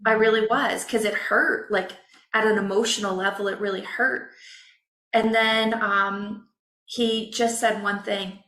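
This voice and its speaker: A woman coach, a podcast guest, telling a personal story in a candid, emotional, expressive way. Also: medium pitch, a little slow, roomy sound.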